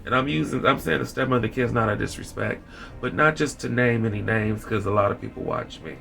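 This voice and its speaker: A man vlogging a candid personal story with wry dark humor, rambling and repeating his phrases. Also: on the low side, quick pace, creaky. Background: background music.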